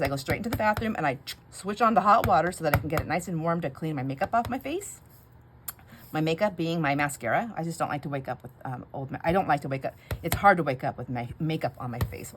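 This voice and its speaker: A woman's voice: low-pitched, quick pace. A middle-aged woman chatting and rambling casually while making labels at home, laughing often and musing aloud. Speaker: crafting vlogger. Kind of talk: casual chatty crafting vlog. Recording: home recording with steady background noise.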